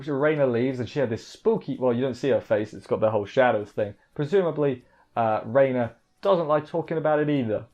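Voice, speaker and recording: Male reviewer, mid pitch, loose self-correcting delivery, dull recording. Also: brisk, darkish tone. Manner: rambling, off-the-cuff, self-correcting. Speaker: anime reviewer. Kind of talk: casual spoken review.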